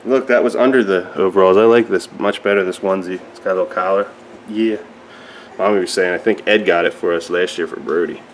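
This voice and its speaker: A young father filming his toddlers at home on a handheld camera, chatting casually and jumping into a high sing-song voice when he plays with them. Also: fairly quick. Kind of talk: casual family vlog. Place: family home, living room. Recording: noisy home camera audio.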